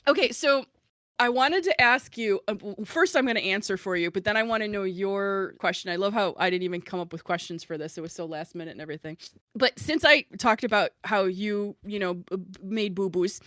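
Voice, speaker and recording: A woman's voice: medium pitch, a little fast, a bit bright, no echo. A woman hosting a podcast, chatting casually and self-deprecatingly, with lots of fillers and giggles. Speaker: podcast host and author. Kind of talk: casual chat.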